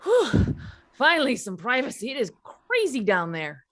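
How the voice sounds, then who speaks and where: A woman voicing an excitable, nervous teenage boy best friend in a fan table read. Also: on the high side, normal speed, heavily acted. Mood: eager. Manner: eager, jittery.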